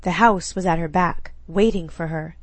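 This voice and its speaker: A woman reading a novel aloud in scripted narration, with a steady, suspenseful delivery. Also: lowish voice, moderate pace, no room sound. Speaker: audiobook narrator.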